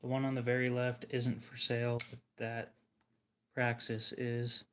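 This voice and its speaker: A man chatting casually on a livestream while showing knives for sale, speaking in a flat monotone. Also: mid-range voice, a little slow, slight background noise. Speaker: livestream knife seller.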